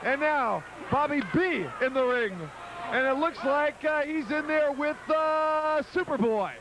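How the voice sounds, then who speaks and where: A man calling wrestling play-by-play, rapid and hyped, shouting the big moments. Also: extremely high pitch. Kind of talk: fast wrestling commentary. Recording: noisy 1990s TV broadcast.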